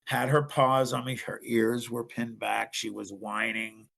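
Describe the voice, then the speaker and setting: A man's voice: mid-range voice, fairly even intonation, measured pace, creaky, fairly bright tone. A middle-aged man, a podcast guest, earnestly telling a personal story.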